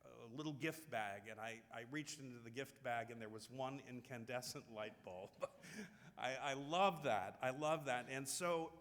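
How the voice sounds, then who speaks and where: A man's voice: mid-range voice, moderate pace, a bit bright. Man preaching in an echoing church. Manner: heartfelt storytelling with restarts. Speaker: pastor. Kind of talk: sermon.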